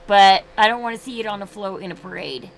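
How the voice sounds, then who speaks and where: A woman's voice: medium pitch, fast talker, vocal fry, slight background noise, rough recording. A woman in her thirties hosting a casual livestream, chatting in a rambling way with frequent restarts. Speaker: livestream host.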